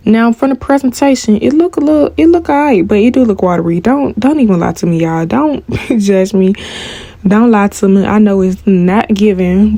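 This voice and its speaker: A young woman telling a story to viewers while she cooks, animated and full of slang. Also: mid-range voice, no echo. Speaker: cooking vlogger.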